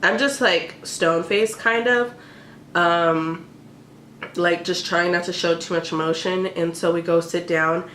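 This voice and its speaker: A woman's voice: fairly low pitch, fairly even intonation, measured pace, fairly bright tone. Young woman vlogger, roomy echo. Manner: emotional, tearful at times, many "like" fillers. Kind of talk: casual storytelling vlog. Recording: roomy echo with faint background hiss.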